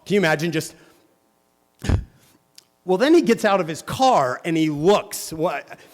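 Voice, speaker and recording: A man giving a playful, joking devotional talk to a youth audience, firing quick questions at the crowd. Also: a little high, lively intonation. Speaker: youth speaker. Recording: long hall reverb.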